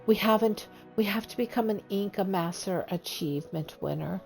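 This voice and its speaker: A woman's voice: medium pitch, moderate pace, gravelly, darkish tone, soft background music. Playful, teasing woman streamer. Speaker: streamer and co-player. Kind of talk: casual gaming chat.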